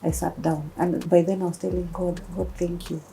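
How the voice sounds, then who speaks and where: A Kenyan woman in her thirties tells her own story as an interview guest. Her voice sits a little low and mellow, and she brings the people in her story to life as she tells it. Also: moderate pace, gravelly, a little hiss or hum, poor audio. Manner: animated storytelling, acting out quoted voices. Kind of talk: personal testimony interview.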